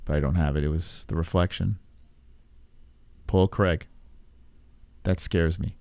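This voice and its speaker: A man's voice: sits low, fairly even intonation, a little slow, darkish tone, no echo. Sarcastic, foul-mouthed man reacting. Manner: profane, sarcastic and rambling. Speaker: podcast host. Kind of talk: casual reaction commentary.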